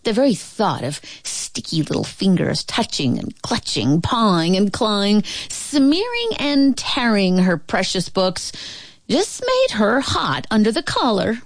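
A woman's voice: mid-range voice, a little slow, no room sound. Woman reading a picture book aloud. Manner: expressive and playful. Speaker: storybook reader.

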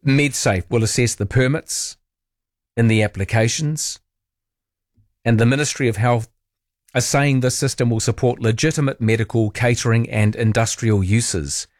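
A man's voice: mid-range voice, no echo, clean studio sound. Chatty New talkback radio man. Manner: chatty, opinionated, muses aloud with playful asides.

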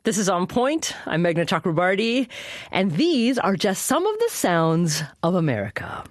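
Woman, public radio host, animated intonation, dry close sound, articulate. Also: mid-range voice, moderate pace, no room sound. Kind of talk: public radio talk show.

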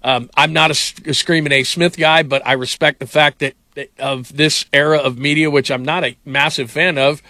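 A middle-aged man hosting sports radio with a bright, forward voice. He rambles through his stories with lots of fillers, and the sound is dry and close. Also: a little high, steady tone, normal speed, dry recording. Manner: rambling storyteller, many fillers. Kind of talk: casual sports radio talk.

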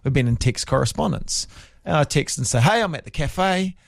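A New man hosts morning radio, telling an embarrassing story on himself with a lively, up-and-down voice. His pitch sits a touch high for a man and rises and falls freely as he goes. The studio sound is dry and close. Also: brisk, vocal fry, no echo. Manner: animated, self-mocking storyteller. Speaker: radio breakfast host. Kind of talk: casual on-air radio chat. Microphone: close studio mic.

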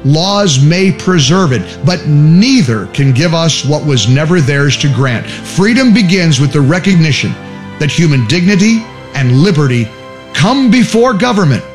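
A man giving a scripted narration in a solemn, measured way. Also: on the high side, very animated, soft background music. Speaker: narrator of a radio segment.

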